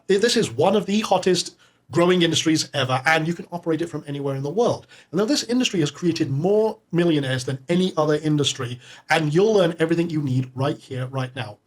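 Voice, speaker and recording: A man hosting a live online webinar, upbeat and salesy, reading names from the chat and pitching to viewers. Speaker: webinar host.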